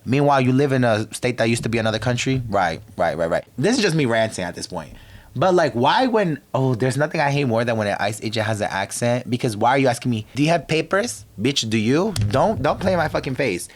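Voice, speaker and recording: A man's voice: mid-range voice, animated, fast. A young man from Virginia hosting a podcast, ranting in a brash, profane, casual monologue that keeps breaking off mid-thought. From Virginia, United States. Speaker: podcast host.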